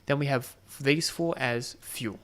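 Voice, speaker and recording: A man's voice: medium pitch, measured pace, a bit bright. A man giving gameplay commentary, thinking aloud and muttering counts to himself as he plays. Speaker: gaming channel host.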